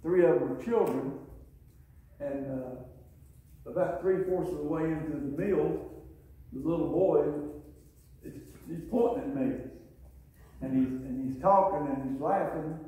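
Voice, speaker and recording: A man's voice: fairly high pitch, mellow. Man preaching in a distant echoing church. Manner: folksy storytelling, laughs often. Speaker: pastor. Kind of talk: church sermon. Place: church sanctuary. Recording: echoey church from far off.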